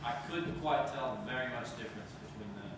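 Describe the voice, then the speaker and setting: Man, dry measured feedback, distant in an echoey noisy room. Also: medium pitch. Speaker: invited listener at rehearsal. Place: school band rehearsal room.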